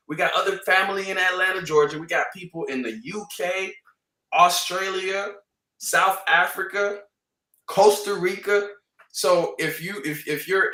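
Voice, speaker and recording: A man from Canada talking casually on a trading livestream panel, animated and slangy, repeating points for emphasis. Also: sits high, reverberant, far from the mic.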